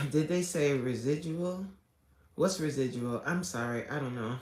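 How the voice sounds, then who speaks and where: A woman, chatting casually and animatedly with viewers on a live stream from her car, laughing often and swinging between loud and soft. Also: very deep voice, a little slow, reverberant. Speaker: livestream host chatting with viewers.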